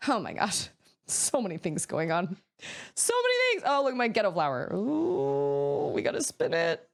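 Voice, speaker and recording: A woman in her thirties chatting casually on a livestream, rambling to herself as she builds, her voice a little rough. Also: on the low side, very animated, moderate pace. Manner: chatty, rambling, self-talking while building. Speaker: streamer.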